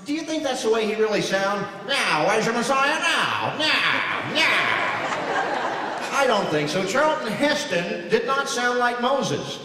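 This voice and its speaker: A high-pitched voice actor gives a comedic keynote speech to an audience in a large hall, telling animated stories and slipping into character voices and impressions. It's recorded from far off, echoey, with crowd noise.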